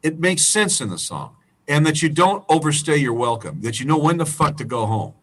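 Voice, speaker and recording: A man with a high, bright, sharp-edged voice spins a profane band story in loose conversation. He laughs as he goes and slips into quick impressions of the people he describes. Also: big pitch swings, recorded from a distance, rough recording. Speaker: musician guest. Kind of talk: casual storytelling chat.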